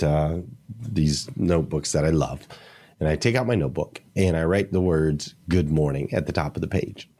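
Deep-voiced earnest man. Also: warm tone. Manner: earnest, emphatic, repeats phrases. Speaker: guest; morning show host. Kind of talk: motivational interview talk.

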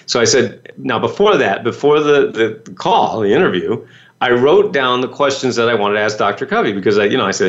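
A man telling a personal story to an audience in a casual, animated way, jumping into the voices of the people he quotes. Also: fairly low pitch, fairly quick, dull audio. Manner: animated, acts out quoted voices, many fillers.

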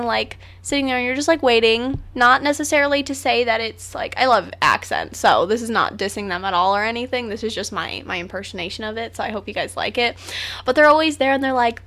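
A woman's voice: a little high, a bit bright. A teenage girl hosting a radio show, chatting casually with lots of fillers and giggles.

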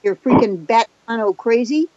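A woman raised in Japan with Japanese as her first language, a therapist and hypnotist telling her story fast and self-assuredly as a radio guest. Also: fairly high pitch, animated, warm tone, dry recording, dull audio. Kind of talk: casual chat on a radio show.

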